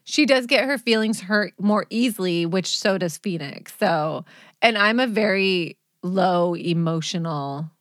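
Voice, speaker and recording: A woman's voice: on the low side, a little slow, dry recording, studio quality. A woman in her forties, a mother co-hosting a podcast from home, telling stories bluntly and laughing often. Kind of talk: casual chat.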